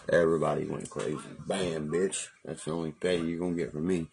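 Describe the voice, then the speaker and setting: A man's voice: rumbling low, fast talker, vocal fry, few pauses, husky. A man livestreaming from his phone, telling rambling, profane stories about jail in a casual way. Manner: profane, animated storytelling with laughs. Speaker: livestream vlogger. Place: parked car.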